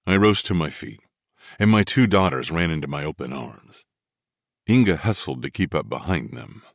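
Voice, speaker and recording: Male audiobook narrator, low and expressive, dry close sound. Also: normal speed, vocal fry, dry recording. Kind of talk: first-person romance audiobook narration.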